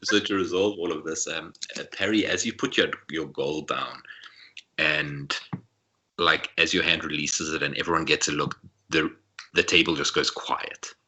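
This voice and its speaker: Very deep husky male game master. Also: normal speed, pushed and bright. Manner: rambling, filler-heavy narration. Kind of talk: narrating a tabletop game.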